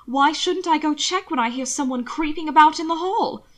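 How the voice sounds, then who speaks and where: A woman's voice: high-pitched, normal speed, a bit bright, pitched above the performer's own voice. Tense young husband pushing back, shaky but stubborn , as a woman reads him. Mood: defiant. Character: frightened but defiant young husband, a man. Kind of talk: audiobook reading of fan fiction.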